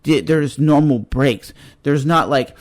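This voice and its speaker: A man's voice: on the high side, slow pace. Blunt, fed-up man ranting. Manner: blunt, exasperated, profane. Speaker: vlogger. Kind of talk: ranting monologue to camera.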